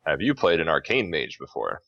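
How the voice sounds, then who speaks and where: A man with a very deep yet bright, forceful voice chats about games at a quick clip. His talk is emphatic and full of casual slang. The recording sounds dull and lo-fi. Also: sing-song, gravelly, dry recording. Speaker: podcast co-host. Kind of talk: casual gaming chat.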